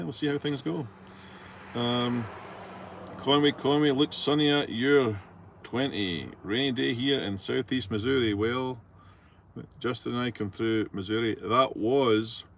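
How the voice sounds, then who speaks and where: A man's voice: lowish voice, creaky, fairly bright tone, a little hiss or hum. A middle-aged man with a Scottish accent, driving his truck and chatting casually as he reads out viewer messages, rambling and easygoing with plenty of fillers. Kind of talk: casual chat while driving. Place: truck cab on the road.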